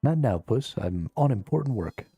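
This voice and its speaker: A man's voice: mid-range voice, expressive, normal speed, dark tone, breathy edge, dry recording, faint music behind. A man voicing a cocky male adventurer hero in game dialogue, wry and self-assured.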